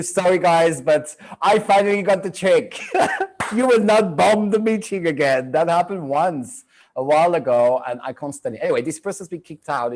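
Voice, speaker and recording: A middle-aged man with a French accent, his voice slightly high and a little mellow, hosts a live medium show via video call. He's chatty and rambling, going over the same points repeatedly, through a computer microphone.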